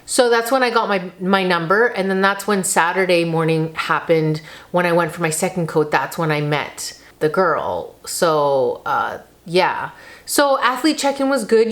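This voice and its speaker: A woman in her thirties with a slightly low voice talks straight to the camera in a casual vlog. She is chatty and open, often saying "like", and sounds close to tears. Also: lively intonation, normal speed. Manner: chatty, emotional, uses lots of "like". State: tearful, on the verge of crying. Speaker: vlogger.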